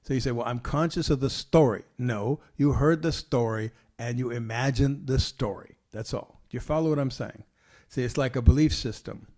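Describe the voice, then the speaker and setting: A man's voice: medium pitch, moderate pace, darkish tone. Older man teaching in casual talk. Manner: conversational, tags points with "see?" and "you know"; casual and blunt, laughs easily. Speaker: teacher hosting his podcast. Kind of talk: informal spoken teaching.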